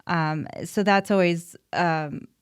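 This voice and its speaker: Slow-paced and steady, a lowish, clear, resonant voice comes through clean studio sound without echo. It belongs to a thirtysomething podcast host and mother of an autistic son, talking chattily and candidly in a casual solo podcast about life with him, with frequent ums and restarts.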